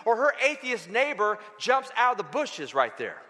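A male pastor preaching an energetic, folksy sermon, often calling out for responses from his congregation. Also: high-pitched, moderate pace, hardly any pauses, in a large hall.

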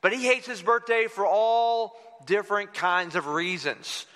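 A man preaching a sermon as pastor, animated, acting out quotes with shifting voice. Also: high voice, a little slow. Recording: long hall reverb.

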